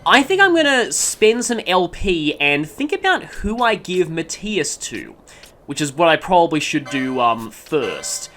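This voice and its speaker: A man's voice: fairly high pitch, sing-song, measured pace, bright, forceful tone, faint music behind. Chatty man rambling over a game. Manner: rambling, with many ums and mid-sentence self-corrections. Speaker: let's play commentator. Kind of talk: casual gameplay commentary.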